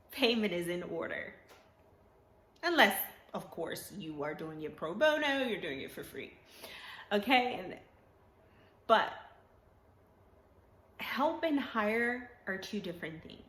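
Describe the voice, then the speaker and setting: Brief: unhurried woman vlogger, preachy and earnest, recorded in a roomy space. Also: medium pitch, fairly bright tone, slight background noise. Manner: earnest, preachy, repeats for emphasis. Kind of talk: motivational talk to camera. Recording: roomy echo.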